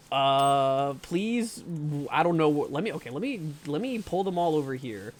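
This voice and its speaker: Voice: medium pitch, a little slow. A live streamer giving gameplay commentary, talking to viewers, nervously narrating each move, swearing and pleading over and over with anxious laughs.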